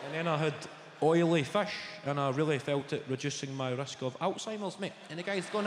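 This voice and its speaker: A Scottish man doing a stand-up routine, telling brash, sweary stories and reeling off rapid food lists. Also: mid-range voice, heavy background noise. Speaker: stand-up comedian. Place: large theatre stage. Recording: echoey live hall with loud room ambience.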